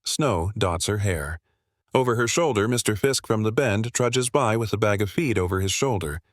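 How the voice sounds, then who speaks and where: A man narrates a scripted first-person story in a steady, wry and literary way. His voice is low and sits dry and close on the recording. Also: normal speed, no room sound.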